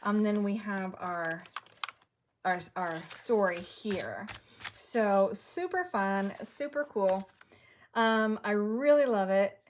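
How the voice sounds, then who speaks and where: A woman's voice: mid-range voice, takes it slowly, slight background noise. A woman crafting at home, chatting casually and thinking aloud as she stamps, sounding a bit winded. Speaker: craft video creator.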